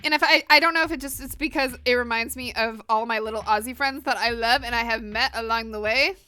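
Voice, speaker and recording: A woman's voice: on the high side, quick pace, bright, forceful tone, clear, resonant tone, dry recording, clean studio sound. A woman in her twenties with an American accent, chatting casually and animatedly with live stream viewers while coloring. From northern United States.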